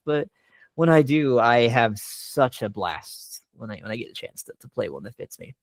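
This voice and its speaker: This young man, a voice actor at a panel, talks at normal speed in a medium-pitched voice with no room sound. His casual storytelling is lively and full of fillers like "like," with plenty of restarts.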